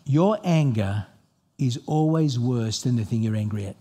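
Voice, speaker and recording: A man's voice: mid-range voice, fairly quick. A middle-aged man preaching a sermon as a pastor, telling stories and asking the congregation questions. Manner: animated, storytelling, asks the audience questions. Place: church hall before a congregation.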